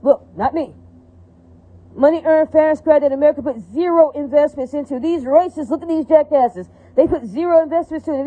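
Woman, rapid rambling profane rant, high voice, dry tinny recording. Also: no echo. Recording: tinny phone-like audio, dry.

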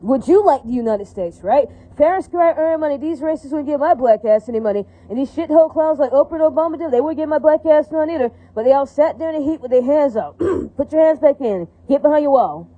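Woman, rapid rambling profane rant, high voice, dry tinny recording. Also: lively intonation, no room sound. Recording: tinny phone-like audio, dry.

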